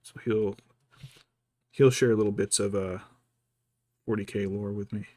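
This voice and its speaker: A man's voice: fairly low pitch, fairly even intonation, unhurried, mellow, no room sound, clean studio sound. A man chatting casually as he paints miniatures, thinking aloud and muttering to himself. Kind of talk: casual chat while working.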